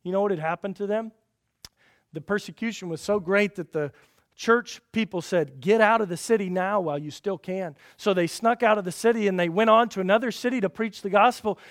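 Pastor guy preaching, pretty high voice, dry close sound, goes big and loud then drops way down soft. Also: a little fast, no room sound. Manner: swings from loud emphatic peaks to quiet low passages; rhetorical questions to the congregation. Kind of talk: sermon.

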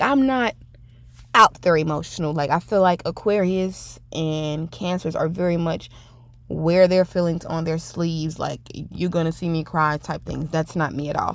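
A young adult woman hosting her own podcast, talking in a chatty, rambling, self-reflective way. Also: lowish voice. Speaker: podcast host. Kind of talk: casual solo podcast monologue.

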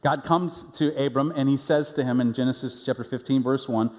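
A man's voice: medium pitch, fairly quick, few pauses, darkish tone. A middle-aged man preaching a sermon, telling the story with energy and acting out the voices he quotes. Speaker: pastor. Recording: long hall reverb.

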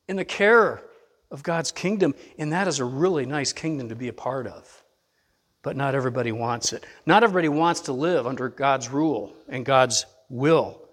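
Pastor guy giving a chatty sermon, kinda high voice, big hall echo behind him. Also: fairly bright tone. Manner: conversational preaching with rising emphatic bursts. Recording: long reverb of a large hall.

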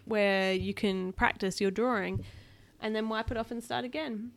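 A woman's voice: mid-range voice, steady tone, moderate pace, vocal fry. A woman reading a picture book aloud to her child, adding chatty asides.

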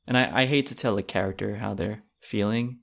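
A man narrating a tabletop game as dungeon master, deadpan and teasing in casual chat. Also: lowish voice, a little fast, vocal fry.

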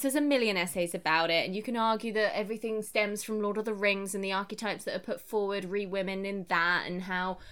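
A woman co-hosting a podcast, reviewing a film in casual chat, animated and quick with asides, swearing freely and mock-quoting the characters. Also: medium pitch, clear, resonant tone. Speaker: podcast co-host.

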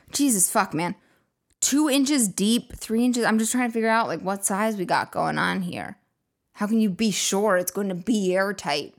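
Sarcastic, swearing woman podcast host. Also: medium pitch. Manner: laughing often, swearing, riffing sarcastically. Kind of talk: casual comedic podcast monologue.

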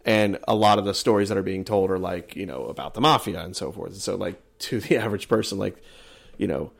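A man's voice: deep voice, quick pace, vocal fry, husky. A man from the United States chatting casually as a podcast co-host, rambling with many fillers and restarts. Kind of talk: casual chat.

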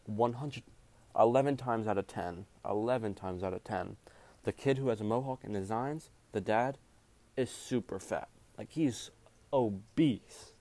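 A man's voice: fairly low pitch, darkish tone. A young man, a jiu-jitsu referee, ranting in a casual, rambling way, full of swearing and slang. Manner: profane, rambling, heavy slang.

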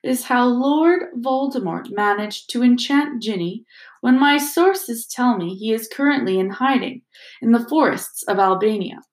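A woman reading aloud plays a kindly old wizard headmaster with a soft, calm, gently amused way of speaking. He sounds patient and warm-hearted. The storybook recording rings with a roomy echo. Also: on the high side, moderate pace, lightly acted. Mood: gentle. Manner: gentle, calm, softly twinkling.

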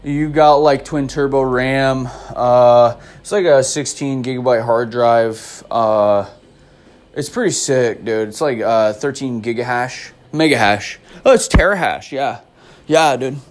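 A smug male vape fanatic boasts about his gear, as a man imitates him. He halts on filler sounds between each spec and says it a bit louder than normal talk. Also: medium pitch, a little hiss or hum, natural voice. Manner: know-it-all, halting with "uh".

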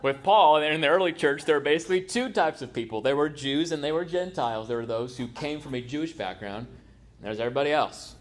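A pastor preaching a sermon in a church, talking conversationally and making quips to the congregation. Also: male voice, on the high side, fairly quick.

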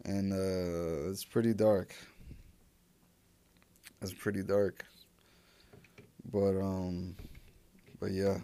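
A man's voice: low voice, little pitch movement, extremely slow, long pauses, warm tone, clean tone. A young man hosting a solo podcast, talking loosely and profanely with many restarts and fillers. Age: young adult. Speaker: podcast host. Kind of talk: casual solo podcast rambling.

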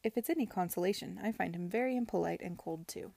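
A woman reading the part of a kind, gentle young woman in an audiobook, soothing and encouraging. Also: lowish voice, fast, gravelly.

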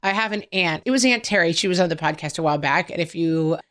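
Chatty woman podcast co-host, lowish voice. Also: quick pace. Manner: animated storytelling, quoting family members in voices. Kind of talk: casual podcast chat.

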